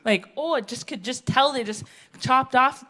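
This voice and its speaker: A brash, grumpy, chain-smoking auntie, played by a woman on stage with a high voice, rambling through her grievances and chuckling at herself. It is a live comedy monologue in front of a theatre audience. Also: sharp tone. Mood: rambling indignant. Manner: rambling, indignant, quick to laugh at herself.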